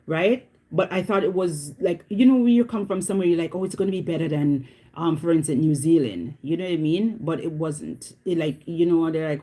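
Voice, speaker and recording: A woman talking casually to her viewers in a warm, mellow voice. She rambles and circles back on her own words, often asking whether you follow. The chat is loose, unscripted and easygoing. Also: low voice, a little fast. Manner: chatty, repeats herself, often asks "you know what I mean". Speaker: vlogger.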